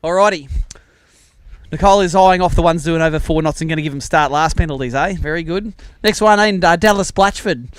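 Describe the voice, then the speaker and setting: A man's voice: on the high side, fairly quick, clean tone, no echo, studio quality. An Australian man emceeing a fishing tournament weigh-in outdoors, upbeat and chatty, bantering with the anglers. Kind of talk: live announcing and banter.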